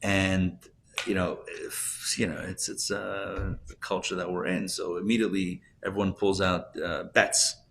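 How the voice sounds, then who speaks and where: Lively low-voiced rabbi teaching a class. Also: male voice, a little slow, gravelly, a little hiss or hum. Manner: conversational, asks the audience questions, grows loud and animated when making a point. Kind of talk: live Torah class with jokes and audience back-and-forth. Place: classroom or synagogue hall, recorded live.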